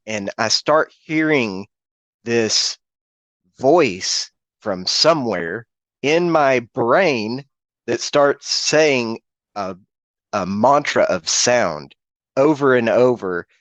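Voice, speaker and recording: A middle-aged man tells his story in an earnest, halting way, stopping short and repeating phrases as he goes. His voice sits at an ordinary male pitch. The sound is dry and close, with no room echo, as if over a video call. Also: expressive, highs cut off. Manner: earnest, halting, with frequent restarts and repetitions. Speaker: guest witness. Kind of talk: personal account in a video-call interview.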